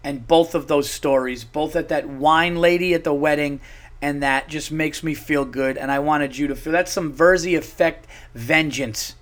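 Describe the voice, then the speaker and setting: A man hosting a solo podcast, telling stories in an animated, profane, worked-up way. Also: a little high, normal speed. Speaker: podcast host. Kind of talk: casual solo podcast storytelling.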